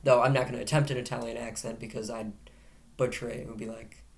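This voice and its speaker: A man's voice: mid-range voice, little pitch movement, fast, vocal fry, slight background noise. Sarcastic man reading and mocking the news. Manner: sarcastic, dry jokes between reading news; frequent self-corrections and restarts. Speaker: host of a news commentary show. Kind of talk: casual news commentary.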